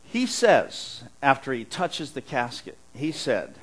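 A middle-aged man preaching a conversational sermon as pastor, animated, often restarting his words and chuckling as he talks. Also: medium pitch, takes it slowly, few pauses, slightly rough, low-quality recording.

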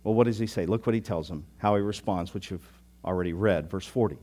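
A man preaching a sermon as pastor, teasing his listeners and telling the story with lively, sudden loud bursts. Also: deep voice, fast.

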